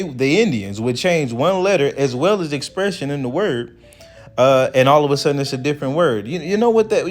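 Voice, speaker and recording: A man with a slightly raised pitch hosts a commentary video, reading passages aloud at a slow, careful pace before sliding back into loose, chatty asides. Soft music plays quietly underneath him. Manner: reads quotes slowly, then chats loosely. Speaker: video host.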